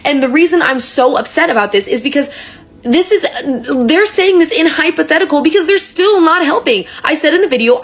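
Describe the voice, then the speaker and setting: A woman's voice: sits high, fairly bright tone. A young woman giving an angry, emphatic rant straight to camera and swearing freely. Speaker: social media creator.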